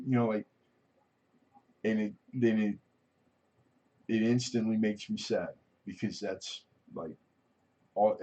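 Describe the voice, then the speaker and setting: A middle-aged man with a lowish, mellow voice talks in a loose, rambling way. He is candid and swears often. His speech wanders through restarts. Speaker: livestream host. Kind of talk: casual rambling chat.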